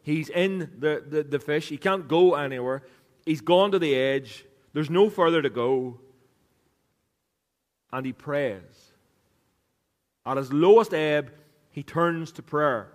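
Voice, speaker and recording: A man's voice: fairly high pitch, slow, long pauses. A man preaching a sermon on a microphone, conversational and joking, teasing people in the congregation as he talks. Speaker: pastor. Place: church hall. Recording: reverberant hall sound.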